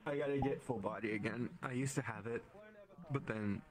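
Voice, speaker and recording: A man's voice: mid-range voice, fairly quick. A man chatting casually in a VR game, laid-back and swearing freely. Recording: online voice chat with crowd chatter.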